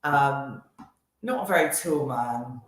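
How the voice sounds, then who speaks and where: A woman's voice: rumbling low, expressive, takes it slowly. A young woman telling a story casually on a family live stream, chatty and self-deprecating, laughing now and then. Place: home kitchen. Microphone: live-stream mic. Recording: very echoey room, faint noise.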